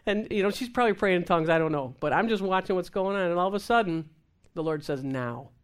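A woman minister telling a lively testimony in conversation, acting out the voices of the people in her story and laughing as she goes. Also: fairly low pitch, quick pace. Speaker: Christian minister. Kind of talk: testimony talk show conversation.

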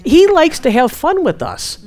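A woman giving casual Christian teaching, answering a question and acting out her own prayers. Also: measured pace. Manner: animated, quotes God in hushed low voice.

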